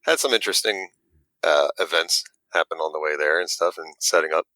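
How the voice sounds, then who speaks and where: A man, a guest who makes models, telling an animated story in casual chat and acting out the quotes with little stammers. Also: rumbling low, brisk, no echo, poor audio.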